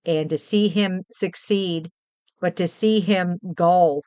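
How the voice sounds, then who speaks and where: A woman's voice: lowish voice, fairly even intonation, slow pace, a little mellow, clear, resonant tone, dry recording. A middle-aged woman from Western New York, chatting casually and heartfeltly with her stream viewers, rambling and repeating herself. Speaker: livestream host.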